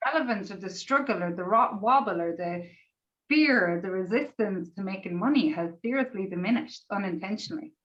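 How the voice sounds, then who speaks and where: A woman in a group coaching session shares emotionally and close to tears, rambling and gushing with constant "like"s and the occasional swear word. Her medium-pitched voice is animated, fairly quick and a bit bright, and the sound quality is lo-fi.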